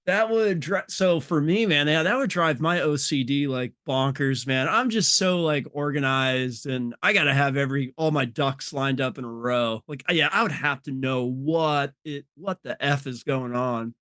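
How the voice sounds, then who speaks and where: A man hosting a podcast, chatting casually and relaxed. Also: mid-range voice, normal speed, few pauses, no echo, clean studio sound. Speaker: podcast host. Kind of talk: casual chat.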